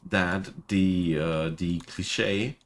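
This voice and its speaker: Deep-voiced German man streaming. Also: steady tone, extremely slow. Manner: chatty, laughs at himself. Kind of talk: casual gameplay commentary.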